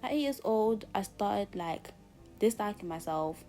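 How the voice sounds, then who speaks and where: At home doing her makeup, a young Zimbabwean woman vlogs with a medium-pitched, mellow, animated voice, speaking unhurriedly over faint background music. She tells personal stories candidly and casually, saying "like" often and calling her viewers "guys."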